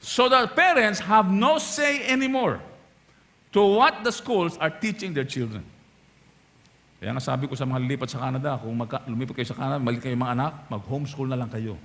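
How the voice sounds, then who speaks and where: A man's voice: mid-range voice, brisk. A male pastor with a Filipino accent preaches a sermon, switching between English and Tagalog and often asking the congregation questions. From Philippines. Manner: animated, asks the crowd questions.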